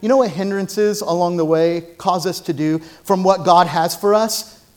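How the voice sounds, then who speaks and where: A man preaching a sermon from a church platform, telling funny stories and then rising to loud, emphatic preaching. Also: sits high, moderate pace. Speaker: pastor.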